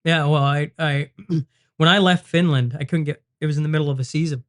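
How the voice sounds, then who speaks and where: A man from Canada, a podcast guest, talking in a reflective, halting way with many fillers. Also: on the high side, fairly even intonation. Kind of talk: casual conversation.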